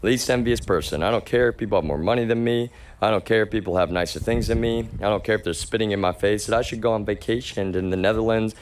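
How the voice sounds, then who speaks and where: Low-voiced man ranting at his stream. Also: fast talker, hardly any pauses, slight background noise. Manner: agitated, repetitive, swears often, calls listeners y'all. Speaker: livestreamer. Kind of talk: ranting monologue to a live chat.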